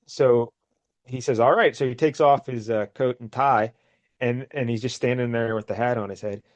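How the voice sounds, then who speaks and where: A man's voice: medium pitch, steady tone, moderate pace, darkish tone, dry recording. A man co-hosting a comic book podcast, casually retelling the story with frequent laughs and brief acted lines. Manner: rambling, laughs often, acts out characters' lines. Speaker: podcast co-host.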